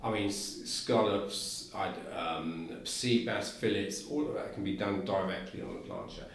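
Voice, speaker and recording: Speaking at a measured pace with a fairly low pitch, this South London man is a cooker company representative guesting on a podcast. The chat is casual and the room very echoey, and he's enthusiastic but frequently restarts his sentences.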